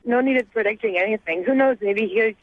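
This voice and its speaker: A woman's voice: a little high, brisk, no echo. A woman calling in to a radio show, talking chattily with lots of fillers over a phone line. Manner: chatty, uses lots of fillers like "like" and "you know". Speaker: caller. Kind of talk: radio call-in conversation.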